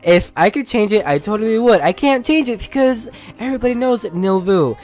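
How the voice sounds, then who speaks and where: Casual storytime vlogger, chatty, animated, quick asides, acts out other people's reactions. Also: medium pitch, soft background music. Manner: acts out quoted reactions in different voices. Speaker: online game creator and designer.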